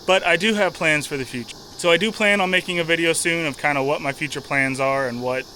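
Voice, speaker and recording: A man's voice: fairly high pitch, quick pace, bright, forceful tone, a little hiss or hum. A man vlogging casually outdoors beside a river. He speaks plainly and often repeats himself. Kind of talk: casual outdoor travel vlog.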